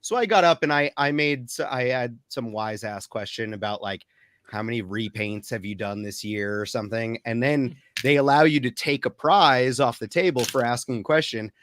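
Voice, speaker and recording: A man's voice: medium pitch, moderate pace, fairly bright tone. A man who is a guest on a podcast, telling stories with dry, self-deprecating jokes. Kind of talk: casual chat.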